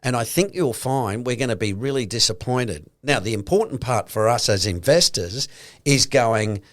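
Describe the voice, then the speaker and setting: A man's voice: mid-range voice, expressive, normal speed, fairly bright tone. A man with an Australian accent co-hosting a casual podcast chat about investing, explaining his points by acting out made-up conversations. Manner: explains points through acted-out hypothetical conversations. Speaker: podcast co-host.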